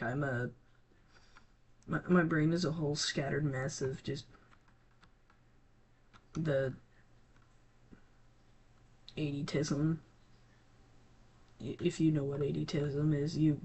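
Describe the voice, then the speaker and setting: Husky-voiced teen rambling to viewers. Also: medium pitch. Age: teens. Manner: halting, scattered, many restarts and trailing thoughts. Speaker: gaming content creator. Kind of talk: casual rambling talk to viewers.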